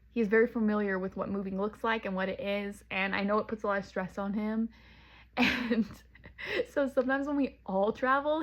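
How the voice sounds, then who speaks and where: A woman's voice: mid-range voice, muffled recording. A woman from Southern California, chatting casually to the camera at home while she packs, rambling with lots of "like" and "um.". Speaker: vlogger.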